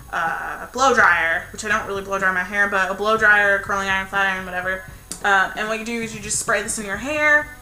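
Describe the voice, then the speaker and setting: A woman vlogger talks through her hair products in a loose, rambling, chatty way. Her voice is bright and forward. The room gives her voice an echo. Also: medium pitch. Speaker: beauty vlogger. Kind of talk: casual hair-care vlog. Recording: roomy echo, faint background music.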